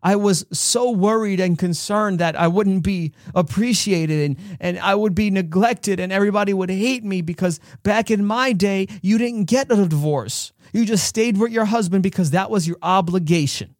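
A man's voice: high voice, moderate pace, few pauses, dry recording, studio quality, close to an everyday voice. A man voicing a regretful elderly woman in a nursing home, speaking in a tearful, pleading way. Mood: sorrowful, regretful.

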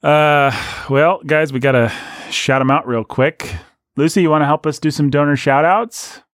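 A playful male podcast host chatting casually with friends, his voice sitting a little high. The sound is dry and close, with no room echo. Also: normal speed, a bit bright. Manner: playful, rattles off lists of names.

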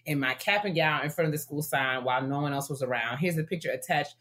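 A woman's voice: low-pitched, fast talker, fairly bright tone. A woman co-hosting a casual podcast, reading listener letters aloud with playful, affirming asides. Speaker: podcast co-host.

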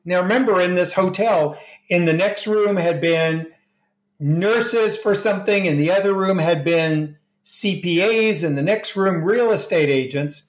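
A middle-aged man telling gentle, unhurried stories as a guest in a conversation, acting out the voices of people he quotes. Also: high voice. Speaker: grief expert guest. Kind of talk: storytelling in conversation. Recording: roomy echo.

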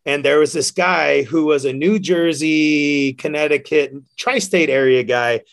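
A man, a bartender guest, telling stories casually, animated and laughing often. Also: fairly high pitch, a little slow, creaky. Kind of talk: casual storytelling.

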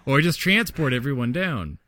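A man's voice: mid-range voice, very animated, normal speed, bright, forceful tone, no echo. A man co-hosting a podcast in casual chat. He laughs often and fills his talk with "uh" and "like". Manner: chatty, laughs often, many fillers. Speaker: podcast co-host.

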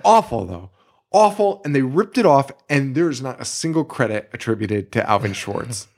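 Man, podcast co-host, casual chat, swears a lot, animated rant. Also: mid-range voice, normal speed. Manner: profane, ranting, animated. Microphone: studio microphone.

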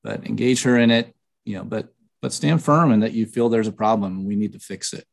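A middle-aged man talking earnestly in an interview, slightly nasal, pausing often with fillers and restarts. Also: on the low side, steady tone, creaky. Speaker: podcast guest, author. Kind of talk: casual interview talk.

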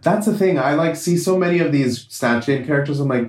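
A man's voice: a little high, a little fast, darkish tone. A man in casual podcast chat, talking loosely with lots of "like" fillers. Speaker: podcast guest or co-host. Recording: roomy, distant from the mic.

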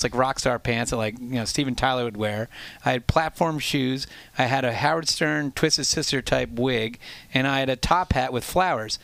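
A middle-aged man telling an animated, self-mocking story in casual conversation, often restarting his sentences. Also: medium pitch, creaky, no echo. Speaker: former ballpark entertainer.

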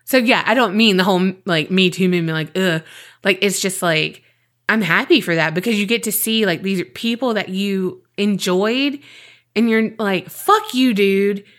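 A woman's voice: medium pitch, normal speed, a bit bright. Southern lady podcast host reading a listener email, chatty, swears a lot, says like constantly. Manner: chatty, lots of fillers and swearing. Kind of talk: reading a listener email, then casual chat.

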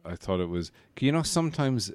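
A man's voice: medium pitch, very animated, fast talker, clean tone, dry recording, studio quality. A man co-hosting a podcast, chatting casually about a film, laughing easily and swearing now and then. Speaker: podcast co-host.

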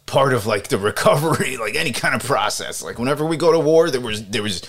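A man co-hosting a podcast, telling a casual story with animated asides and frequent laughter. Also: medium pitch, fast, a crowd in the background. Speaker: podcast co-host.

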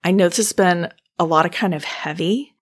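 A woman hosting a faith-based podcast, speaking gently and encouragingly to the listener, her mouth dry, pausing now and then to clear her throat. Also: lowish voice. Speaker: podcast host.

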